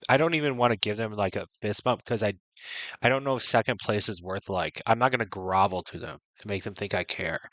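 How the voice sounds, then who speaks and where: A man's voice: on the low side, brisk, fairly bright tone, no room sound. A man streaming a strategy game, giving frank, chatty commentary full of "right?" and "you know". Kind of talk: casual gameplay commentary.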